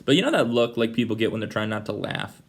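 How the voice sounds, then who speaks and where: A man's voice: lowish voice, fast, creaky. A young man hosting a casual devotional vlog, talking animatedly and acting out both sides of conversations. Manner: animated, acts out dialogue with voices. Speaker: vlogger.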